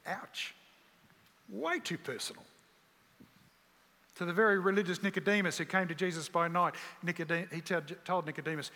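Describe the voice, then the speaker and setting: A man's voice: high-pitched, brisk, bright, forceful tone. A man preaching a sermon, earnest and full of rhetorical questions. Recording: long hall reverb.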